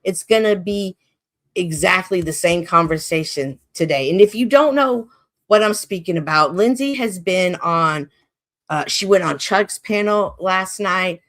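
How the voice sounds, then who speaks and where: A woman hosts her live stream and rants to her chat. She swears freely and stays heated, swinging between loud outbursts and low asides. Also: unhurried. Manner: profane, heated, talks straight to chat. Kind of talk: casual live-stream rant.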